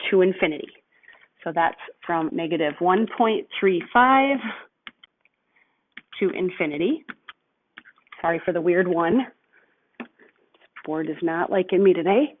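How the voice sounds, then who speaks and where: Woman teaching math over tinny audio. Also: mid-range voice. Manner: patient, step-by-step explaining, thinking aloud. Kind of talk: recorded lesson walkthrough.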